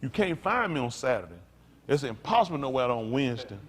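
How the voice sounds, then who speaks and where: A male pastor preaching a sermon in a folksy style, calling out to his congregation and swinging from loud, high bursts down to low, quiet lines. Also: fast talker, slight background noise. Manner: animated preaching, leaps high and loud for emphasis, then drops low; folksy vernacular, calls out to the congregation. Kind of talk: sermon teaching.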